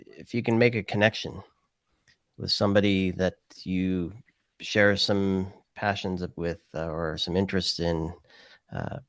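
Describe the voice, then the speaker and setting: A man's voice: on the low side, no room sound, clean studio sound. A man hosting a podcast, talking casually and rambling as he thinks aloud. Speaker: podcast host.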